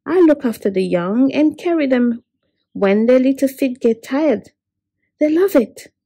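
A woman's voice: high-pitched, animated, unhurried, mellow, pitched above the performer's own voice, exaggerated voice. A woman voicing a kind, motherly female kangaroo who minds the young, in a cheerful read-aloud picture book voice. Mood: gentle.

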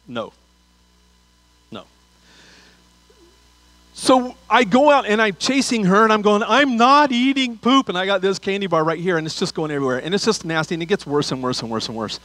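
A man's voice: high-pitched, a bit bright, no echo, rough recording. A man preaching a sermon as pastor, telling a funny story with asides before turning to scripture.

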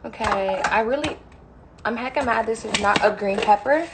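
A woman's voice: on the high side, moderate pace. Young woman ranting and swearing while cooking in her kitchen, live off her phone, lots of noise behind her. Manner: blunt, profane, ranting. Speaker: livestreamer. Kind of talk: casual livestream chat while cooking. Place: home kitchen. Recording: noisy phone livestream.

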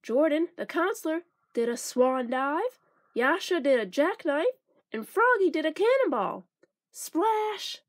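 A woman reading a children's picture book aloud with a high, lively voice. She takes her time, stretching the story out slowly. Her delivery is expressive, with playful sound effects. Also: no echo, clean studio sound. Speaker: storybook reader.

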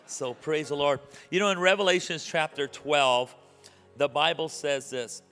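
A man's voice: fairly high pitch, unhurried, pushed and bright, faint music behind. A male pastor preaching with energy, leading the congregation in call and response and reading scripture. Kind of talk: sermon. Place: church sanctuary. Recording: live church recording with long reverb.

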